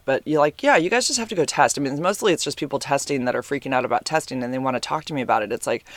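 A man hosting a podcast in casual chat, rambling and full of fillers, animated and quick to exclaim, speaking a little back from his microphone. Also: mid-range voice, no echo. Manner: animated, exclaims and laughs often. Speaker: podcast host. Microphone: podcast microphone, sitting a bit back from it.

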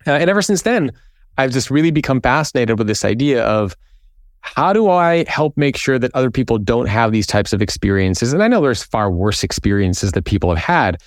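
A man, a podcast guest, telling a story from his own working life, lively and acting out the people he quotes. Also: mid-range voice, a little fast, no room sound, clean studio sound. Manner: animated storyteller, acts out quoted voices.

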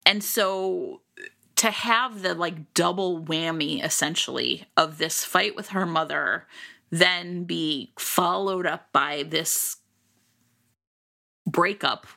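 A woman co-hosting a podcast, chatting casually about a book in an animated, rambling way with lots of fillers. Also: fairly low pitch, takes it slowly, vocal fry. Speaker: podcast co-host. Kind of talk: casual book-discussion chat.

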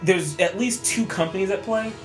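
A man's voice: high voice, normal speed, music in the background. A man co-hosting a casual podcast, teasing the others with dry jokes. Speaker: podcast co-host.

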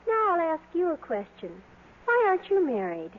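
A woman's voice: extremely high pitch, huge pitch swings, normal speed, narrow, tinny audio, exaggerated voice. An actress playing a cheerful young bride-to-be in a 1940s radio play, breezy in her delivery, on a scratchy old broadcast.

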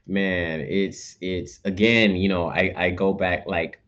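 A man's voice: sits low, fairly even intonation, slow pace, a bit bright, highs cut off. A man co-hosting a podcast, rambling in casual chat with lots of restarts and acted-out asides. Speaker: podcast co-host.

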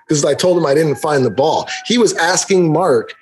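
A man's voice: fairly high pitch, lively intonation, a little fast, hardly any pauses, slightly rough. A man co-hosting a podcast, telling a long story in casual chat and acting out the quotes with big jumps in his voice. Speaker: podcast co-host.

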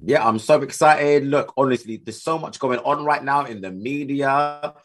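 A young British man, a TV and radio host, chatting as guest co-host in an upbeat, expressive way. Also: mid-range voice, moderate pace. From United Kingdom. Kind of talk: casual chat.

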